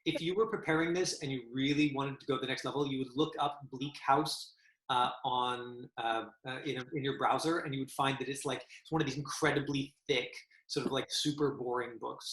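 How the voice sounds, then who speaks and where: Halting male acting coach, echoey room. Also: medium pitch, fairly bright tone. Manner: halting, full of fillers and restarts. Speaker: acting teacher.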